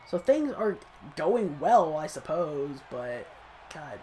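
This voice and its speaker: A man's voice: fairly high pitch, lively intonation, takes it slowly, a little mellow, slight background noise. A man casually commenting on his own football video game match, chatty and self-critical, breaking into short laughs. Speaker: gaming channel host.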